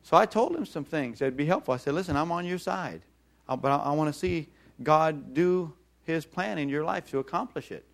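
A middle-aged male pastor preaching a sermon, telling funny family stories with animated voices and frequent chuckles. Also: a little high, brisk, gravelly. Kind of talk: sermon with storytelling.

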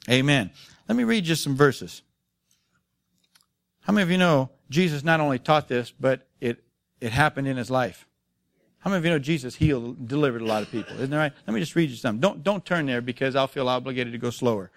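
High, bright-voiced preaching man. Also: no echo. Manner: emphatic, rhetorical questions, swings between loud and soft. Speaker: pastor. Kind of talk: sermon. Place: church.

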